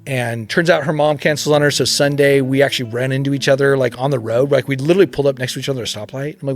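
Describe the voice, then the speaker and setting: A man of about fifty tells a story on a podcast in a relaxed, chatty way. His voice is gravelly with plenty of fry, and he acts out the people he quotes and laughs easily. Soft guitar music plays faintly under him. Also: medium pitch, racing, hardly any pauses. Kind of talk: casual storytelling.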